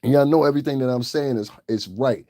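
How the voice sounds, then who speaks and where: A man's voice: mid-range voice, fast talker, warm tone, no room sound, studio quality. A man hosting his own channel, giving blunt, profane and scornful commentary. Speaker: channel host. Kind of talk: ranting livestream commentary.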